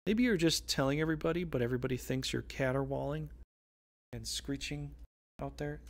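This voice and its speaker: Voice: medium pitch, animated, fairly quick. Playful rambling tarot reader. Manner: playful, rambling, goofy tangents. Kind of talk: casual tarot reading.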